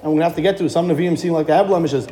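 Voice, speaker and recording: Fast-talking high-voiced man teaching Torah. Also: slight background noise. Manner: animated, rhetorical questions, frequent restarts. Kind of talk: Torah class lecture.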